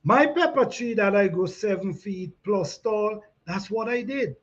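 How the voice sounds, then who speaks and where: A man hosting a gardening chat, reading out comments in a relaxed way, repeating himself and laughing often. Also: sits high, measured pace. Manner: laid-back, repeats phrases, laughs often. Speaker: gardening channel host. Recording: dull lo-fi sound.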